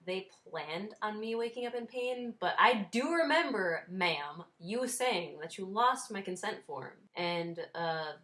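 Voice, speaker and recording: A woman's voice: medium pitch, expressive, measured pace, hardly any pauses, fairly bright tone. A woman in her twenties telling a story in a casual vlog, wry and self-deprecating, laughing now and then as she talks. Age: 20s. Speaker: vlogger.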